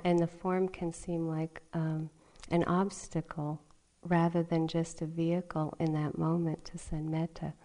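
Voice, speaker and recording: A middle-aged woman giving a dharma talk as a meditation teacher, gentle and often laughing softly as she tells stories. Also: lowish voice. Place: retreat meditation hall.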